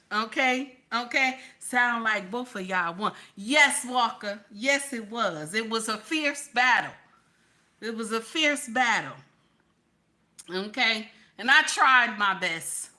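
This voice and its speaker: A woman hosting a casual livestream chat, animated and playful, teasing her viewers and tossing in "okay?" again and again. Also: fairly high pitch. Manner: keeps repeating "okay?". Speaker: livestream host.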